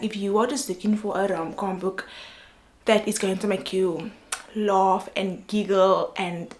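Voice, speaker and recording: A young woman talks to camera in a relaxed reading vlog, chatty and full of fillers. She gushes with feeling, her voice dropping to a soft, breathy hush when moved. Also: medium pitch. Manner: gushing, breathless and emotional, drops often into a hushed whisper; chatty, lots of "like", upbeat. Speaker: book vlogger. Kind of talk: casual reading vlog chat.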